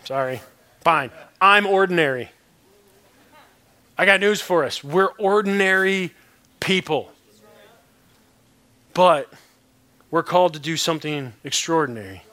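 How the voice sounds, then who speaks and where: Bright-voiced male pastor preaching. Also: fairly high pitch, lively intonation, unhurried, pauses often. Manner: punchy, repetitive, playful asides. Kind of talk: sermon.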